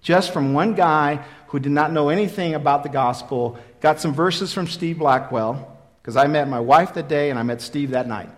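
A man in his fifties preaching a sermon, telling his own story in an earnest, repetitive way that swings from loud emphasis to quiet. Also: fairly high pitch, normal speed. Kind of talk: sermon with personal testimony.

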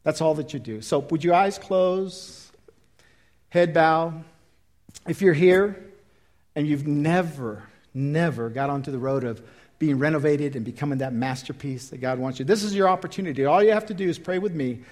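A man in his fifties preaching a sermon and leading an altar call, emphatic and swinging from loud exhortation to quiet pleading. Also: on the high side, moderate pace. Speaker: pastor.

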